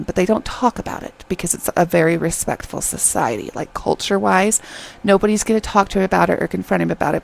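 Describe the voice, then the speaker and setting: A woman casually recapping a drama, talking in an animated, exasperated way, often checking in with "okay?". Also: on the low side, gravelly. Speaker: drama reviewer.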